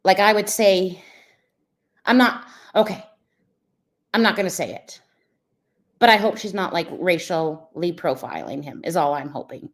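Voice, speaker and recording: A woman's voice: lowish voice, moderate pace, long pauses. A woman hosting casual reaction commentary, chatty and explaining, with many fillers. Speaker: commentary host.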